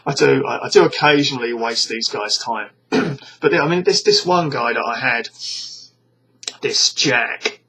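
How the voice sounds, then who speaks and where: A man's voice: medium pitch, unhurried, creaky, pushed and bright, husky, poor audio. A British man ranting to his viewers in a casual monologue, rambling and scornful, stumbling over frequent restarts. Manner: scornful, exasperated. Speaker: vlogger.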